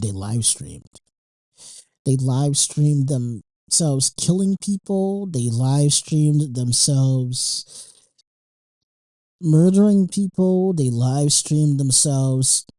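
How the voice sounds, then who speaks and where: A young man hosts his podcast in a loose, emotional monologue that is full of fillers and restarts and peppered with swearing. His voice is dark and mellow. The recording is dry and close, with no room sound. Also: on the high side, no room sound, low-quality recording. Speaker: podcast host. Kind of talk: casual monologue.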